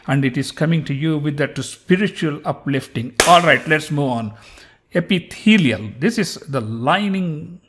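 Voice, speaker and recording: A man's voice: fairly high pitch, fairly bright tone. A man with an Indian English accent, giving an informal accent lesson who says a word and then jokes about it. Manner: lists words and riffs on each with humor. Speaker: accent coach.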